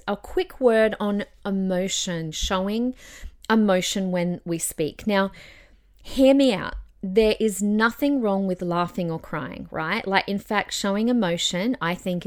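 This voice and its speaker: A woman hosting a solo podcast, chatty and encouraging, giving public speaking tips and acting out tones of voice. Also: medium pitch. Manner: chatty and encouraging, demonstrates tones with her own voice. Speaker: podcast host.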